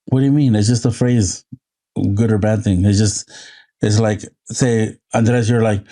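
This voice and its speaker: A man's voice: on the low side, steady tone, moderate pace, mellow. A man co-hosting a casual podcast, rambling loosely and swearing as he chats. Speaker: podcast co-host. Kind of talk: casual chat.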